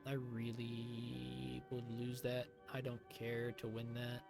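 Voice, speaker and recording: A man streaming a strategy game live, giving sarcastic commentary that swings from low mutters to loud shouts. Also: completely flat delivery, slow, gravelly, over music.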